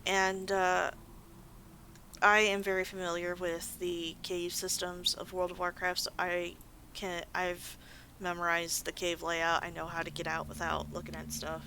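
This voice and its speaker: A woman's voice: fairly low pitch, completely flat delivery, measured pace, bright, forceful tone, a little hiss or hum, poor audio. Sleepy rambling woman gamer. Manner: rambling, self-deprecating, sleepy. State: tired, yawning. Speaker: let's play host. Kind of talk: relaxed gameplay commentary.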